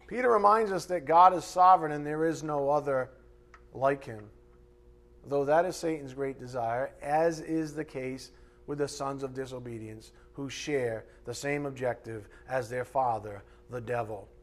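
A man's voice: medium pitch, slow, long pauses. A man preaching a sermon who teaches from a board and slips into mocking voices for his asides. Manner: animated, mimics voices in asides. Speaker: pastor. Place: church or teaching room with a board.

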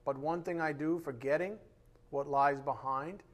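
A man leads a conversational Bible lesson, his voice sitting a touch higher than most men's. He talks loosely and informally, often turning to his listeners with a quick "right?" as he walks through the passage. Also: steady tone. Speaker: Bible teacher.

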